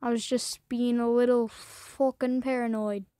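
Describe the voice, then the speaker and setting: A young woman with a high voice, narrating her gameplay in a slow drawl that keeps erupting into profane rants and yelps. The sound is dry and close, with no room around it. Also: flat delivery, warm tone, no echo. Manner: profane, raging outbursts and shrieks. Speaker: gaming YouTuber. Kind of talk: gameplay commentary.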